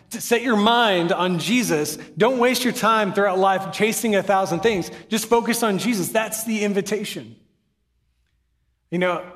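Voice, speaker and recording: Pastor guy preaching casual and earnest, kinda high voice, big hall echo. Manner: earnest, conversational preaching with asides and self-deprecating humor. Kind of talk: sermon. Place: church sanctuary with congregation.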